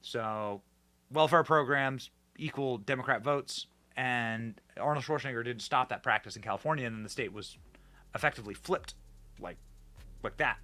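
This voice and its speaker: A young man hosting political commentary in a casual, animated and sarcastic way, with many fillers and restarts. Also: mid-range voice, normal speed.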